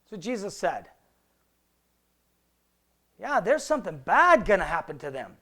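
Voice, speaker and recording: A man leading a casual Bible study, talking through verses conversationally, asking rhetorical questions and reading old scripture slowly. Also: high voice, big pitch swings, vocal fry, fairly bright tone. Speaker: Bible teacher.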